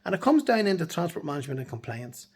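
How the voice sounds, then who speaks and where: A man's voice: fairly high pitch, sing-song, fast, breathy edge. A man giving a casual talk to camera from his office in the evening. He speaks bluntly and emphatically as a transport compliance consultant, swearing freely.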